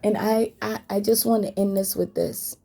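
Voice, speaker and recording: A woman's voice: mid-range voice, fairly even intonation, moderate pace, warm tone. A woman telling a story to her viewers in a blunt, frank way, with swearing. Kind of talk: casual story time.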